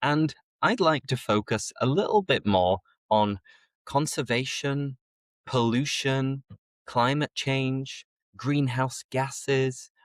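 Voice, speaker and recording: A man's voice: mid-range voice, no room sound. A man with a Yorkshire accent, teaching vocabulary on a podcast and stretching out key words so learners can catch them. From northern England. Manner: slow, clearly enunciated teaching with drawn-out key words. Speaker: English teacher. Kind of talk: podcast lesson.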